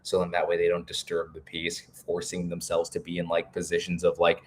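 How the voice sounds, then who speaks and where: A man with a low voice co-hosts a live stream and brainstorms out loud. He rambles in an animated way and keeps stacking "like" and "you know" as he talks. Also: fairly quick, hardly any pauses. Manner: rambling, animated, full of "like" fillers. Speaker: co-host. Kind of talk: casual live-stream chat.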